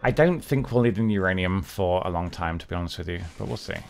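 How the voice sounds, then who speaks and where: A man's voice: low voice, quick pace, vocal fry, darkish tone. A man casually talking his way through a strategy game as a streamer, chatting and muttering to himself and his characters. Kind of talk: casual gameplay commentary.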